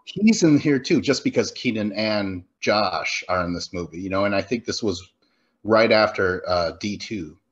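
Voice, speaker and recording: A man co-hosting a podcast, rambling and animated in a casual movie review chat. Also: low voice, moderate pace, muffled recording. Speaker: podcast co-host.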